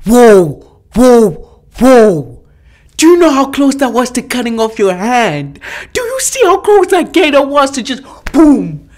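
High, lively woman reacting excitedly. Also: moderate pace, hardly any pauses. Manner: excitable, exclaiming and scolding the people in the clips; repeats short outbursts. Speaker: reaction video host. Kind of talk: casual reaction commentary.

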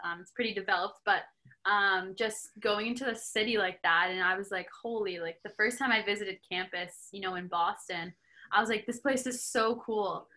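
Woman, twenties, from Canada, hockey player guest, chatty, bright voice. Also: medium pitch, normal speed. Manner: chatty, lots of filler words and laughs. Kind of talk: casual interview chat.

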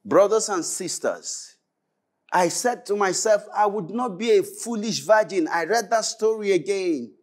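A male pastor delivers a passionate, unhurried Bible study sermon, swinging between loud crying out and low, pleading prayer.

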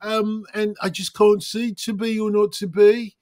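A man's voice: high-pitched, little pitch movement, a little slow, darkish tone, no echo, voice pushed up. A man putting on a Midlands accent to recite like Shakespeare. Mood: theatrical. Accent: Midlands English. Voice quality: raised, theatrical declaiming.

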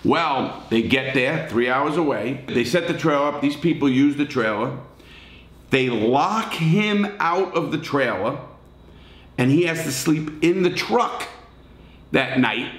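A middle-aged man with a New York accent, bluntly judging viewer stories in a profane, animated casual retelling. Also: mid-range voice, slow, roomy sound. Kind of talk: casual storytelling commentary.

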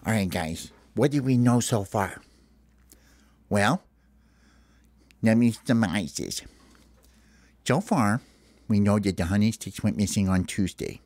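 A man telling a home-made pretend play as a pet bird sleuth, in a low, scheming murmur. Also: slow pace, long pauses, darkish tone, no echo. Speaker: storyteller dad playing the lead bird.

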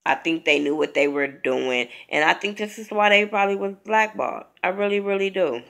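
A woman's voice: mid-range voice, lively intonation, fairly quick, vocal fry, fairly bright tone. A woman vlogger, sick, giving a blunt, profane, chatty review. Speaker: vlogger reviewing a reality show. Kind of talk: casual spoken review.

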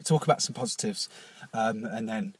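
A man hosting a confessional podcast, speaking in a halting, nervous and openly emotional way with many pauses and restarts. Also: on the low side, slightly rough, no echo. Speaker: podcast host.

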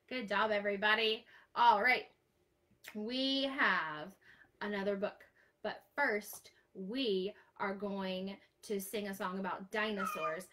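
A woman's voice: medium pitch, pushed and bright. A woman librarian holding an online storytime for young children, reading aloud and singing with a sing-song, exclaiming manner.

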